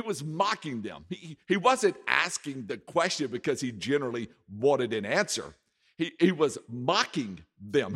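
A male pastor delivers an emphatic sermon, repeating key words and letting his volume swing from hushed to loud. His mid-pitched voice moves animatedly up and down. The sound carries the long reverb of a church hall. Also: breathy edge.

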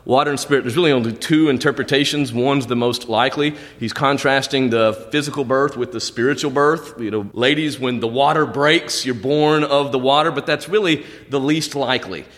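A man's voice: medium pitch, a little fast, hardly any pauses, a bit bright, in a large hall. A male pastor preaching a sermon, quoting scripture with dramatic swings in delivery. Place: church sanctuary.

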